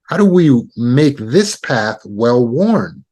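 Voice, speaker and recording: A man with a medium-pitched, slightly mellow voice speaks slowly but with great animation. He's a trauma recovery teacher giving a self-help talk on overcoming insecurity, guiding listeners step by step and repeating his main points.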